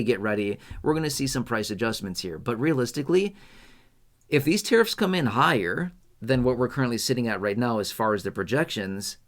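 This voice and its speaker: Male finance commentator, casual to camera, animated and conversational, mid pitch. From United States. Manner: animated, conversational, asks rhetorical questions.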